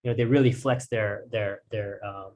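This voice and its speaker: A man's voice: on the low side, fairly even intonation, normal speed, darkish tone, a little hiss or hum. A man teaching drawing in a casual, rambling way, restarting sentences and using fillers. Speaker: art instructor.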